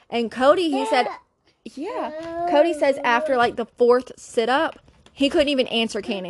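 A woman's voice: sits high, expressive, moderate pace. Chatty woman podcaster. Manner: chatty, laughing, playful impressions. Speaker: solo podcast host. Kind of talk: casual storytelling chat.

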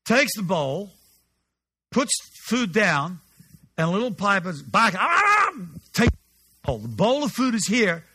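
A male pastor preaching with a humorous, animated storytelling manner, often restarting his sentences. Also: high-pitched, measured pace, long pauses, background noise. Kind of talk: sermon storytelling.

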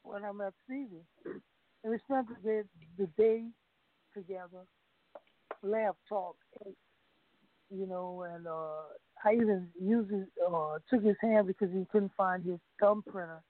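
A man's voice: high voice, a little slow, no room sound. American guy rambling through a story, laughing a lot, tinny phone sound, dead dry. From United States. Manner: rambling, laughs often, frequent filler and restarts. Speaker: guest musician. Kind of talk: anecdotal storytelling.

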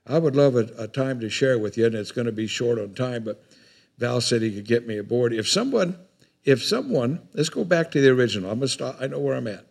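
Folksy older preacher. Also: male voice, medium pitch, expressive, a little fast, creaky, a little mellow. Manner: folksy, rambling, repeats words. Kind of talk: sermon.

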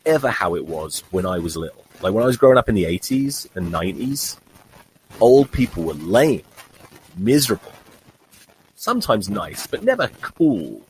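A man in his forties rambles through a comic podcast monologue in a low voice that swings widely in pitch. He is wry and swears freely. A faint hiss sits behind him. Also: poor audio. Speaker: podcast host. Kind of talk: comedic monologue.

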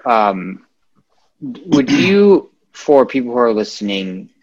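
A man's voice: medium pitch, sing-song, slow pace, darkish tone, lo-fi sound. A man asking a question politely and hesitantly in a casual conversation.

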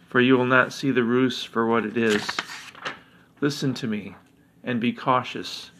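A man voicing an ancient dragon who speaks in solemn, measured prophecy. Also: mid-range voice, a bit bright, close to an everyday voice.

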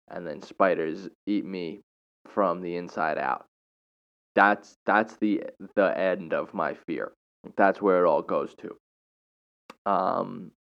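A young man, a teacher, telling a personal story in a casual, animated way with lots of slang. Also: low-pitched, gravelly. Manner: animated, slangy, dramatic retelling. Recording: dull lo-fi recording.

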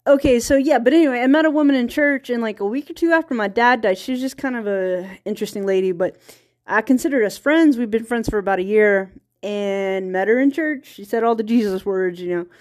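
A woman's voice: on the high side, brisk, a little mellow, no room sound, clean studio sound. A woman from small-town Virginia with a rural Virginia accent, hosting a casual solo podcast and rambling through her thoughts with frequent restarts and laughs. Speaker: podcast host.

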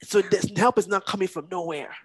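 A woman recounts a frightening personal experience as a podcast guest. Her telling is intense and halting, sometimes breaking off with emotion, at a middle pitch for a woman. The sound is dry and close. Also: breathy edge, no room sound, low-quality recording. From Nigeria.

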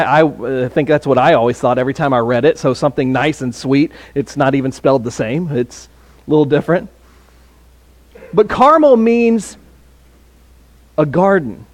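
A man preaching a sermon in a conversational way, with fillers and restarts. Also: a little high.

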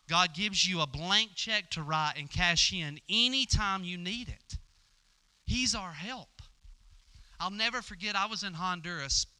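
A man's voice: high voice, measured pace, bright, forceful tone, clear, resonant tone. A male pastor giving a conversational sermon, telling the story and acting out the dialogue with stammers and fillers.

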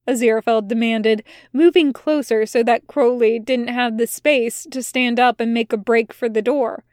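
A woman reads a story aloud in an unhurried, measured way. Her voice sits a little high and she takes her time. The recording is close and dry. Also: steady tone, a little mellow, clean tone, dry recording. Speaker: fan audiobook reader. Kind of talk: storybook narration.

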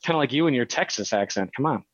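A man chatting as co-host of a podcast, easygoing and animated when he tells a story. His voice sits in the middle range. The sound is dry and a little muffled. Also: mid-range voice, quick pace, breathy edge, no echo. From Wisconsin. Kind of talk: casual podcast chat. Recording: dry, slightly muffled audio.

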